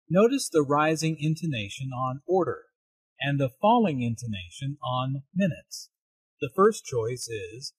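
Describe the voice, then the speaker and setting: A man narrating a scripted English lesson, explaining language points slowly and deliberately. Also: a little high, very animated, husky, no room sound. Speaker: English teacher.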